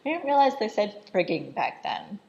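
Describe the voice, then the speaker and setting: A woman's voice: mid-range voice, very animated, normal speed, creaky, darkish tone. A woman casually recapping a film in chatty commentary, saying "like" constantly and laughing often. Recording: dull lo-fi voice recording.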